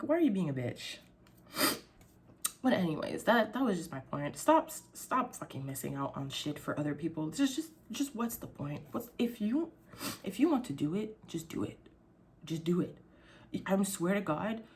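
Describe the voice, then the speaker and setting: Young woman YouTuber, frank and sensitive, swears freely, slightly low voice, casual vlog delivery. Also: a little mellow, slight background noise. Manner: candid, heavy swearing, frequent fillers; emotional, sensitive.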